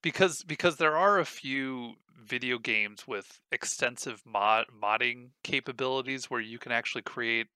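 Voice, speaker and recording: A young man co-hosting a casual podcast, rambling and halting, restarting his sentences. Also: mid-range voice, pushed and bright, smooth, dry recording. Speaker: podcast co-host.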